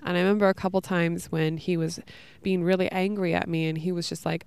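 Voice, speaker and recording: A woman's voice: lowish voice, steady tone, fast talker, gravelly, a little mellow. A young woman hosting a solo podcast, talking in a casual, reflective way with many fillers. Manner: casual, frequent "like" and "you know". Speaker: podcast host.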